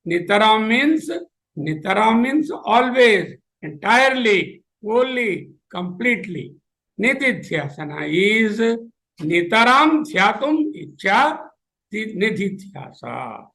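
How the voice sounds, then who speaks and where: A man with an Indian accent giving a spiritual lecture, explaining terms deliberately and repeating them to spell them out. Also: high voice, very animated, sharp tone, rough recording. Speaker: lecturer giving an endowment oration.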